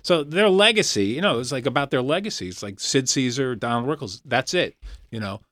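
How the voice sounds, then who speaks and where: A man's voice: medium pitch, fairly quick, dry recording. A man being interviewed as a guest on a podcast, rambling through anecdotes with lots of "you know". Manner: rambling, full of "you know", lively storyteller. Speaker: guest illustrator.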